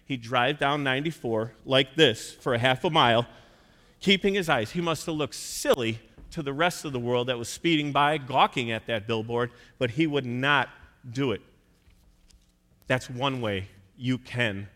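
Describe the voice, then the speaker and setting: A man's voice: mid-range voice, normal speed, bright, forceful tone, big-room sound. A man preaching a sermon, telling stories and acting out the voices of the people in them. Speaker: pastor.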